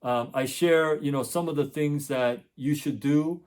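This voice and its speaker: A man's voice: a little high, measured pace, a little mellow. A middle-aged man, a tutor hosting his channel, telling a story in a casual monologue and earnestly repeating his points for emphasis. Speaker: tutor and education channel host.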